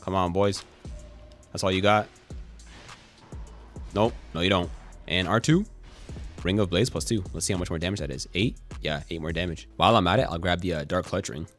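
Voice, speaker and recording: A young man giving casual, excitable gameplay commentary, swearing and cracking jokes as he plays. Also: low-pitched, moderate pace, pauses often, soft background music. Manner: excitable, swearing, jokey, quotes song lines and memes. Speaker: gaming YouTuber.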